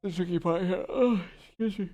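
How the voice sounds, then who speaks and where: Faint music plays behind a man with a high, dark-toned voice who talks fairly quickly into a desk microphone. He's live-streaming from home in a casual chat, rambling, correcting himself and thinking aloud while planning a tabletop campaign.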